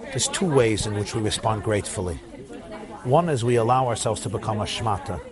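A man, a rabbi, giving a storytelling sermon, animated and swooping up to shouted cries as he acts out scenes. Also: fairly low pitch, brisk, a crowd in the background.

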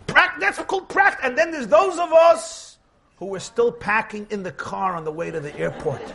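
Animated high-voiced man giving a humorous sermon. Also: moderate pace, creaky, slight background noise. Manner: animated storytelling with Yiddish words and acted-out quotes. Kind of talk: humorous sermon to a live audience.

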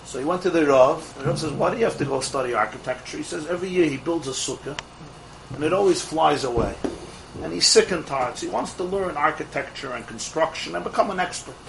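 A man teaching a Torah class to a live group of students, an animated storyteller who fires off rhetorical questions and laughs at his own jokes. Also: on the high side, brisk, gravelly, background noise. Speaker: religious teacher.

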